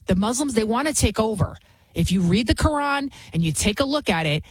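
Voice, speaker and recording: Woman host ranting on a politics show, husky voice, repeats herself a lot, dry close sound. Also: a little high, animated, fairly quick, no room sound, low-quality recording. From United States. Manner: emphatic, repeats herself, mocking quoted voices. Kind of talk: political commentary.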